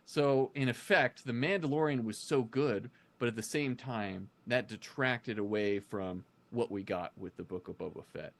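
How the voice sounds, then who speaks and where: A man's voice: medium pitch, moderate pace, creaky, few pauses. A man hosting a casual fan discussion podcast, chatty and explaining things at length with frequent restarts.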